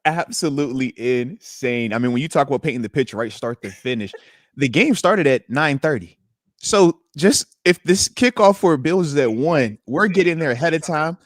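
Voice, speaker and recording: A man, a former pro football player, co-hosting a casual sports podcast and telling animated stories. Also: mid-range voice, moderate pace, no room sound, clean studio sound. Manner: animated storyteller, acts out voices.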